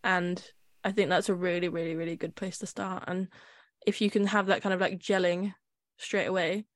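A woman's voice: on the low side, little pitch movement, moderate pace, no echo, studio quality. A woman co-hosting a podcast, talking in long runs full of fillers. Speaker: podcast co-host. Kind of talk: casual podcast chat.

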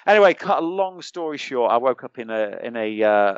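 A man's voice: mid-range voice, big pitch swings, a little fast, smooth, no echo. A middle-aged British man, a former soldier, telling a long colloquial anecdote as a podcast guest and acting out the lines of other people in it. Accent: British English. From United Kingdom. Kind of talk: anecdotal storytelling. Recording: dry, slightly dull sound.

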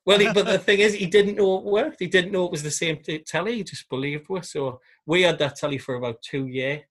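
Man, podcast co-host, husky, slightly high, chatty and laughing. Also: fairly quick, fairly bright tone. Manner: laughs often, jokey storytelling. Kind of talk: casual chat.

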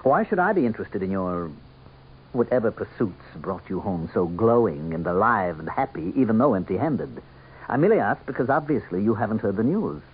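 An actor playing a sly, sardonic male campaign manager who speaks with smooth, mocking politeness in a 1970s radio drama. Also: on the low side, sing-song, a little fast, a little hiss or hum. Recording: thin, tinny old radio broadcast.

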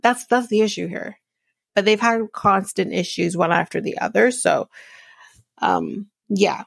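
A woman's voice: medium pitch, a little slow, creaky, no echo. A woman podcast host giving a casual, blunt and sarcastic recap of a reality show, swearing freely. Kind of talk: casual commentary.

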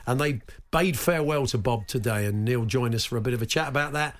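Bantering male radio co-host. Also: mid-range voice. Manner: teasing, quick banter. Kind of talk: casual chat.

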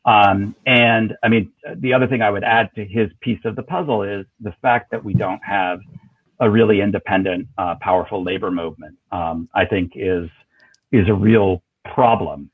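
A man's voice: on the low side, steady tone, normal speed, slightly rough, dry recording. A man as an interview guest, talking politics in a thoughtful, hesitant way with many fillers and restarts. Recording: tinny dry phone line.

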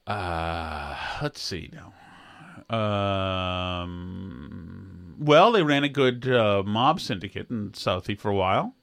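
A man's voice: slow pace, gravelly, dry recording. A man co-hosting a podcast, chatting casually in a joking, rambling way. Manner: joking, rambling, lively swings of pitch. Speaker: podcast co-host. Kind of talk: casual chat.

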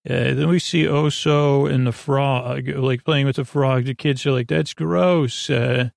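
A man hosting a sleepy bedtime podcast, rambling through an episode recap in an unhurried way with lots of fillers. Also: medium pitch, level tone, gravelly, no room sound, studio quality. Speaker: podcast host.

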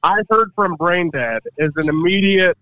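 A man's voice: high-pitched, moderate pace, sharp tone, no echo, poor audio. A man co-hosting a podcast in casual, profane chat, joking and laughing often. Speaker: podcast co-host.

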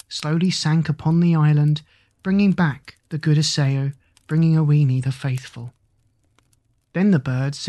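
An audiobook narrator reading epic verse in an even, rhythmic chanting cadence. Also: medium pitch.

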